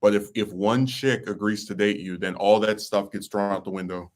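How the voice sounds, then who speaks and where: Young man, podcast host, casual chat, blunt and sarcastic, slightly low voice. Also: fairly even intonation, moderate pace. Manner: blunt, sarcastic, exasperated rant.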